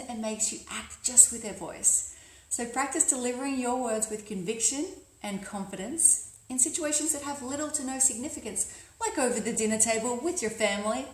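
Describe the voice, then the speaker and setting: Brief: woman, career coach, emphatic and upbeat, slightly high voice, echoey room. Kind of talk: instructional talk to camera.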